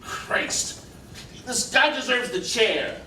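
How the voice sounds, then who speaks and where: A scornful, brash juror. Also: male voice, extremely high pitch, lively intonation, slow pace, bright, forceful tone, exaggerated voice. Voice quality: blunt, sneering. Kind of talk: 1950s film drama. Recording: roomy film soundtrack, distant, faint hiss.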